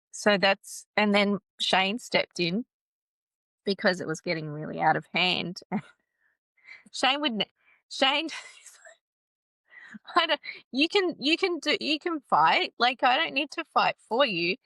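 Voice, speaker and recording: A woman recounting a painful personal story in an interview, halting and restarting, with nervous laughs. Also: medium pitch, animated, a bit bright, no room sound. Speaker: guest telling her story.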